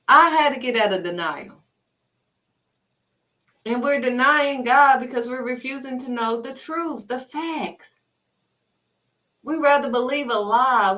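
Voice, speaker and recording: A woman's voice: a little high, pushed and bright. A woman giving a blunt, emphatic faith talk to camera, scolding and repeating herself for emphasis. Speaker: faith vlogger. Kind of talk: preachy direct-to-camera talk. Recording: voice somewhat distant from mic.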